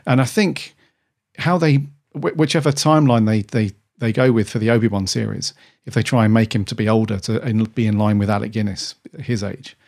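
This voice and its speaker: Podcast co-host, man, lowish voice, loose rambling chat with restarts. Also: fairly quick, creaky, a little mellow. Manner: rambling, with frequent restarts and enthusiastic asides. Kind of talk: casual chat.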